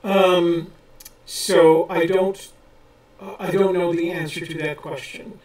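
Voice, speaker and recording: A man co-hosting a casual live chat, answering viewer questions in a measured, explanatory way with frequent pauses. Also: high-pitched, flat delivery, a little mellow. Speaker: co-host of a treasure-hunt channel. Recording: voice a little distant from the mic.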